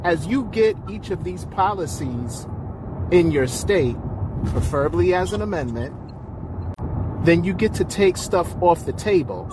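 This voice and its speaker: A man phones in to a talk show and makes his case in an earnest, persuasive way. His voice sits a little high. Clear noise from the outdoors and traffic runs under his voice. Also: expressive, a little slow. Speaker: caller. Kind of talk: casual call-in chat.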